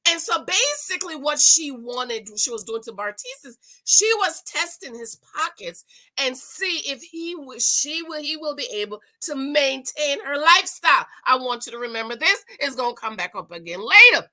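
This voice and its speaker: A woman talks through a reality show episode in a casual, gossipy recap. Her voice sits high and bright, and she jumps into quick, animated impressions of the cast as she goes.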